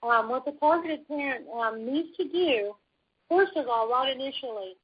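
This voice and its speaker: A woman co-hosting a talk show, giving calm, instructive advice. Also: sits high, moderate pace, husky. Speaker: podcast co-host. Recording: dull lo-fi audio.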